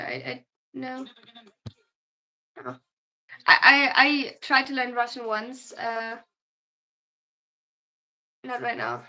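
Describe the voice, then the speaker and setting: Bright high-voiced German woman streaming. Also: fairly even intonation, slow pace, gravelly, pauses often. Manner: chatty, reads comments aloud and answers them. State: tired. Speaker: livestreamer. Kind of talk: casual livestream chat reading viewer questions.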